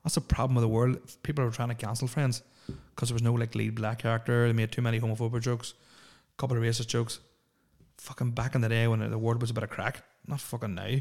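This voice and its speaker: A man's voice: medium pitch, level tone, fast talker, darkish tone. A man, hosting a solo podcast and ranting in a profane, opinionated, rambling way. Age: 30s. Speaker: podcast host.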